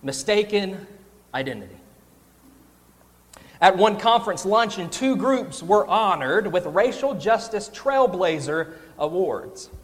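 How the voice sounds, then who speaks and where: A young man preaching a sermon, telling a humorous personal story in an animated storytelling manner. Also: high voice, takes it slowly, big-room sound.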